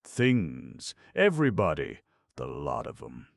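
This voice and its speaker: A man playing a guarded, rough-spoken gamekeeper with a rural English dialect and a blunt, clipped manner. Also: a bass voice, wildly swooping pitch, takes it slowly, dry recording, clean studio sound, heavily acted. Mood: brooding.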